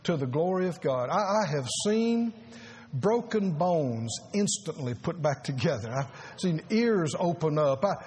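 A man preaching a sermon as pastor, earnest and halting, repeating words and rising to emphasis. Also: a little high, expressive, darkish tone, a little hiss or hum.

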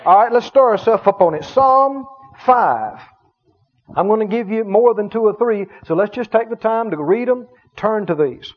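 High-voiced man preaching a sermon. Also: animated, normal speed. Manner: emphatic preaching, drawing out key words, calling for responses. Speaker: pastor. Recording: dull lo-fi sermon recording.

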